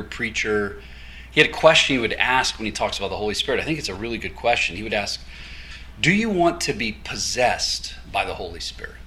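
A man's voice: lowish voice, sharp tone. A man preaching a sermon, telling a story with quoted dialogue and light laughter. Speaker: guest preacher.

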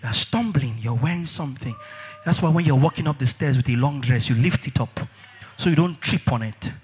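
Slightly rough and a little fast, a male preacher gives a lively sermon. His volume swings from shouts to low tones, and he repeats phrases to drive points home.

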